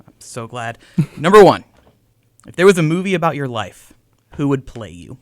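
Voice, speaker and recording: A man's voice: fairly high pitch, expressive, darkish tone, dry recording, clean studio sound. A man from Boston hosting a podcast interview, playful and joking. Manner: joking, fast-talking, playful. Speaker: podcast host.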